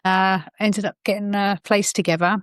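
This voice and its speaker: A woman's voice: mid-range voice, little pitch movement, normal speed, smooth, no echo. A woman, a podcast guest, telling an emotional personal story in a rambling way, full of fillers and restarts.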